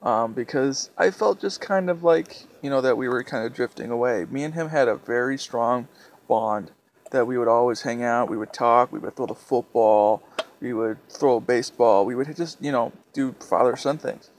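A young man vlogging a personal story, speaking in a halting, hesitant way with many restarts, soft and subdued. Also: medium pitch.

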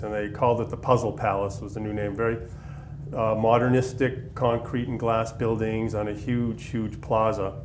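A man's voice: fairly low pitch, a little mellow, slight background noise. A man in his fifties from Massachusetts, telling his army memories in an oral history interview, rambling along with many fillers. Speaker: veteran interviewee.

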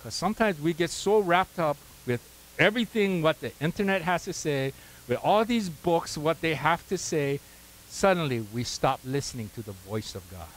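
A man's voice: a little high, animated, moderate pace, poor audio. A pastor preaching a sermon, conversational and full of "right?" asides, prompting his congregation to call out words.

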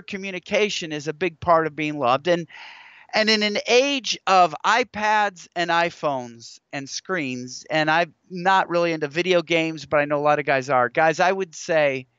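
Middle-aged guy guest author, earnest preachy storytelling, bright voice, dry slightly dull sound. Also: a little high, unhurried, clear, resonant tone, dry recording. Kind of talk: interview conversation.

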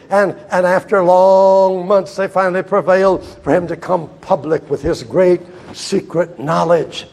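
An older man preaching a sermon, telling stories with big swings from loud cries to hushed words. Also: sits high, normal speed, vocal fry, hardly any pauses. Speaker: evangelist.

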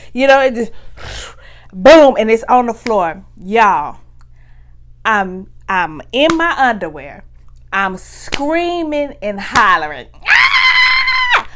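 Woman doing storytime, animated, acts out sounds, fairly high voice. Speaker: vlogger telling a story. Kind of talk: casual storytime.

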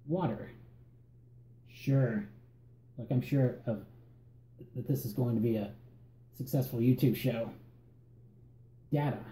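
A man from Northern Virginia with that region's accent works through an accent tag word list in a relaxed, halting way and stops to repeat himself. His voice is very dark and mellow, at a middling pitch. The recording carries a roomy echo. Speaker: vlogger.

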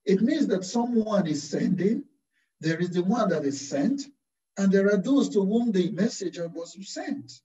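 A man, a Carmelite priest, preaching a slow, deliberate sermon full of rhetorical questions. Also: high-pitched, expressive, mellow. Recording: distant, roomy, dull-sounding recording.

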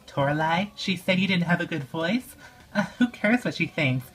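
A woman's voice: on the low side, lively intonation, moderate pace, lightly acted. A woman voicing a kind, confident teenage pop star girl in a doll play, coaxing and upbeat. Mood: encouraging.

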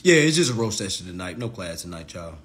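A man hosting a comedic roast livestream, talking in an animated, profane way and laughing often. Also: deep voice, fast. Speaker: livestream host.

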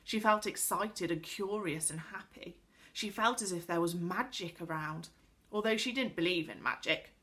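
A woman teacher reading a children's book aloud to pupils in an expressive storytelling voice. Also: lowish voice, moderate pace. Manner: speaks directly to pupils.

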